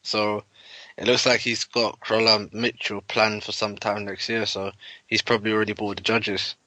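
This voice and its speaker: A man's voice: lowish voice, little pitch movement, moderate pace, bright, forceful tone, no room sound, low-quality recording. A man co-hosting a casual podcast chat, blunt and mocking, often laughing. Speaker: podcast co-host.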